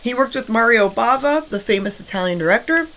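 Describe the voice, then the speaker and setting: A woman's voice: fairly high pitch, animated, brisk, fairly bright tone. A woman co-hosting a horror movie show, chatting casually while snacking and reading movie trivia. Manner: chatty, reads movie trivia, laughs often. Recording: faint background noise.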